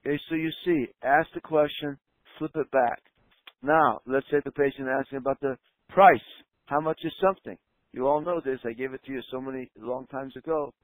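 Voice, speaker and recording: A man's voice: medium pitch, dry recording, narrow, tinny audio. Emphatic male practice coach, dry sound. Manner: emphatic, slows down to stress key points. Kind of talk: training talk.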